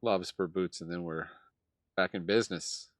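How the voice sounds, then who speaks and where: Man, lowish voice, casual card-game play-by-play, desk mic with faint noise. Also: steady tone, normal speed. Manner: chatty, muttering play-by-play with sighs and laughs. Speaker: gameplay commentator.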